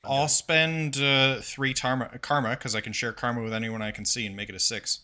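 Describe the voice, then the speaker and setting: A man's voice: medium pitch, steady tone, normal speed, pushed and bright. A man playing a tabletop game, joking playfully with the group. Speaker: player. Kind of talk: casual tabletop play.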